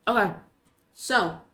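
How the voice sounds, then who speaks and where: A woman's voice: on the high side, fairly bright tone. A young woman talking casually in a rambling, dramatic, self-mocking vlog. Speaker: vlogger.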